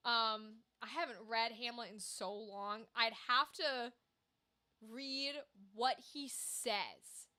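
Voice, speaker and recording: High, bright-voiced woman streamer. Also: slow pace. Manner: animated, swearing, talks to chat. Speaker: livestream host. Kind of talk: casual livestream rant.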